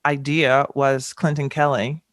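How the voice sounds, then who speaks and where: A woman's voice: a bass voice, a little slow, no room sound, studio quality. A middle-aged woman from the American South, telling candid stories as a podcast guest and acting out past exchanges. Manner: animated, acts out past exchanges with rising exclamations. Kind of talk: candid storytelling in a podcast interview.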